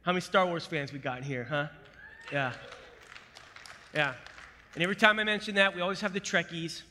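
High, bright-voiced man storytelling in an echoing hall. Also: brisk, slight background noise. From United States. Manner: animated, swings between hushed asides and loud punchy bursts. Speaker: military veteran speaker. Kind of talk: motivational storytelling talk to a live audience. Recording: echoey hall with long reverb.

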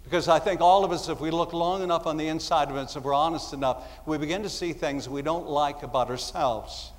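A man's voice: a little high, fairly quick. Man preaching in a reverberant hall. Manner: conversational preaching with acted asides. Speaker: pastor. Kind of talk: sermon.

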